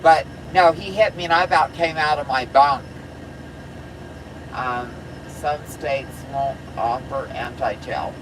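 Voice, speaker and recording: A woman's voice: deep voice, takes it slowly. Trucker lady ranting on a livestream, cusses a lot, rambles, faint engine hum behind her. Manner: blunt, profane, rambling. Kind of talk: casual live-stream chat.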